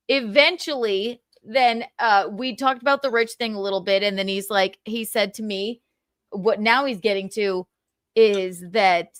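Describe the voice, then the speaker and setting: A woman hosting a livestream vents in a heated gossip rant, swearing and repeating herself, with sudden loud bursts. Her voice is high and very bright. The recording is dry and close. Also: no echo. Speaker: livestream host.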